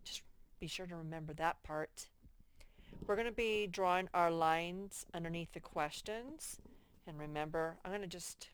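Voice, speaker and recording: A woman teacher with a slightly low voice talks young children through a lesson at an unhurried pace. She reads sentences slowly and sounds out words with patience. Her voice is recorded close up, dry, with no room sound. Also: dry recording. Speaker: first grade teacher.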